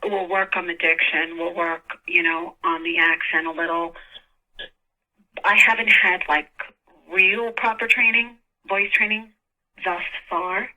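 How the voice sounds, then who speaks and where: A woman's voice: on the low side, fairly even intonation, a little slow, bright, forceful tone, highs cut off. A woman with a New York accent, a guest actress talking casually in an interview and laughing often.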